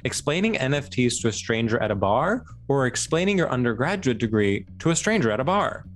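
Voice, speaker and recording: Animated, giggly male podcast co-host. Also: mid-range voice, fairly quick, soft background music. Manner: animated, giggly, trails off with fillers. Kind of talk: casual comedic chat.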